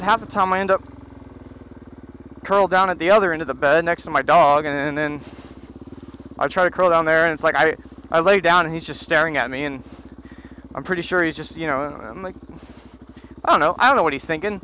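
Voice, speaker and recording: A man rambling and cursing through stories while riding a motorcycle, talking into a helmet headset. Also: sits high. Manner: profane, rambling storyteller. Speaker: motorcycle vlogger. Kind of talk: rambling anecdotal chat. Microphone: helmet bluetooth headset. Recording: loud wind and traffic noise. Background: road and engine noise.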